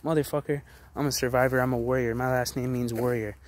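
A man in his twenties rants straight to the camera from a forest, his pitch sitting at an ordinary middle level. He swears constantly and fires off short, hard declarations in a confrontational, aggressive way. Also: fairly even intonation, slight background noise. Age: 20s. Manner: aggressive, heavy swearing, rapid-fire declarations. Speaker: vlogger. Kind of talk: angry profane rant to camera. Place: outdoors in a forest.

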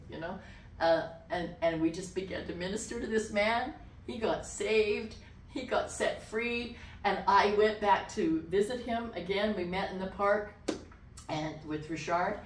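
A woman pastor telling a personal testimony in an interview, animated, dropping to a whisper when she quotes voices. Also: on the low side, unhurried, slight background noise. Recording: echoey room, distant mic.

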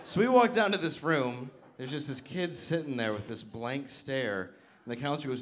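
Animated stand-up comedian telling a story. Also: male voice, medium pitch, normal speed. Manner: animated, builds to frantic shouting.

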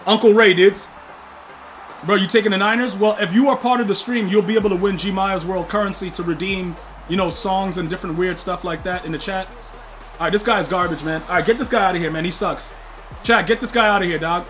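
A young man streaming a football video game, talking slangy trash to his chat and yelling at plays. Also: high voice, steady tone, fairly quick, slight background noise. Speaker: gaming streamer. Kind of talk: live game stream commentary.

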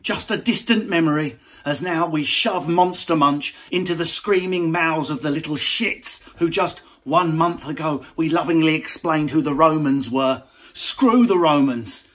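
A man's voice: high voice, a bit bright. A man, a comedian, delivering a brash, sweary, mocking comic rant.

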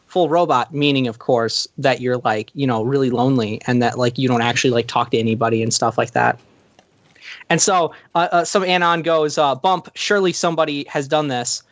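A man's voice: on the high side, a bit bright, dry recording. A man hosting a casual podcast chat who stammers and repeats words as he starts a point, and sometimes reads forum posts aloud. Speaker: podcast host.

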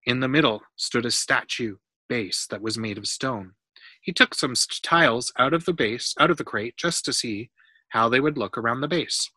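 Bright-voiced man reading a story aloud. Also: medium pitch, moderate pace, dry recording. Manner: patient, explanatory. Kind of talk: storybook read-aloud with math questions.

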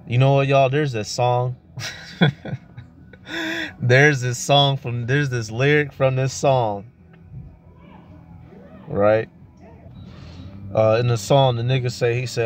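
A man's voice: mid-range voice, a little slow, long pauses, faint music behind. A man preaching a heated, profane rant full of rhetorical questions. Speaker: street preacher vlogger. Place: at a tire shop, near a vehicle.

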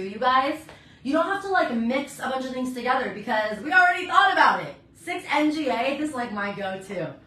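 A woman's voice: high voice, sharp tone. Bubbly woman teaching hair coloring. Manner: bubbly, chatty, talks while working. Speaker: hairstylist educator. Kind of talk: live hair coloring tutorial. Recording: echoey room.

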